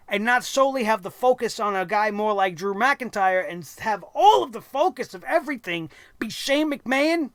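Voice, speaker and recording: A man's voice: high voice, fairly bright tone, no echo, clean studio sound. A man hosting a wrestling review show, ranting bluntly and sarcastically with plenty of swearing.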